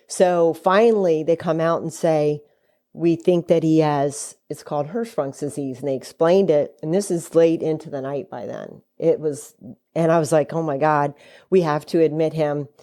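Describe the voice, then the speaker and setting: Low-voiced chatty mother telling a story. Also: dark tone. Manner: chatty, acts out quoted speech with shifting pitch. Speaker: guest, host's mother. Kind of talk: casual storytelling.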